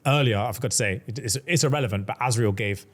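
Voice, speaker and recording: Animated man retelling a story with slang. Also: mid-range voice, quick pace. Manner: animated storyteller, acts out characters' lines, heavy slang. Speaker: podcast co-host. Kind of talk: casual chat, retelling a fantasy story.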